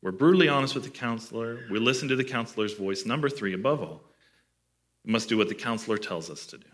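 Guy preaching a sermon, bright clear voice, chatty, keeps asking the congregation stuff. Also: medium pitch, quick pace. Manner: conversational preaching, asks listeners questions. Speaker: pastor.

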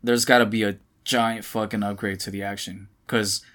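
A man's voice: fairly low pitch, level tone, moderate pace, fairly bright tone. A man in a casual chat about video games, restarting his sentences and swearing casually. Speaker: podcast co-host.

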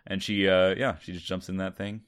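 A man with a fairly low voice co-hosts a relaxed podcast about a movie. He chats loosely, laughs easily and often trips into quick restarts as he talks it through with friends. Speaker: podcast co-host. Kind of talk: casual movie-discussion chat.

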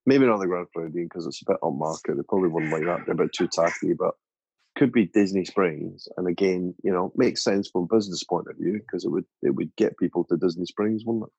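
A man's voice: sits low, fairly quick, creaky, darkish tone, slightly rough, no echo, highs cut off. A British man co-hosting a casual podcast chat, agreeable and thinking aloud. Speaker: podcast co-host.

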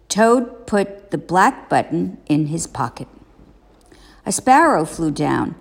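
A woman reading a children's storybook aloud as a parent, expressive and deliberate. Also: on the low side, gravelly, long reverb tail.

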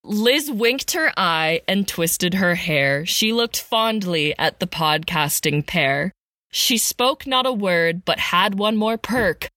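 A woman's voice: lowish voice, expressive, slow pace, bright, forceful tone, no echo, studio quality. A woman co-hosting a podcast, reciting a comic holiday poem and chatting, often breaking into giggles. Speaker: podcast co-host.

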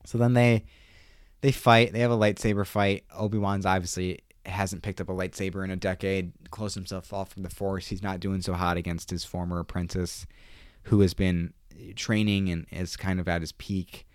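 Brief: male recap host, low register, excitable and emphatic, dry close sound. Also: normal speed, clean tone, no room sound. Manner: excitable, emphatic, repeats himself. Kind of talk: casual episode recap.

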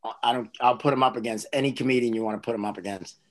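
A comedian, telling stories in casual chat with frequent restarts. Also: male voice, medium pitch, racing. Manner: rambling, animated storyteller with restarts. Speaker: comedian host.

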